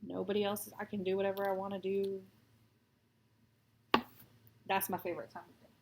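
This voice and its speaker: A woman in her thirties who grew up in Texas chats in a rambling, self-deprecating way while she stitches, as a stitching vlogger. Her mid-range voice is level in tone, darkish, and runs at normal speed.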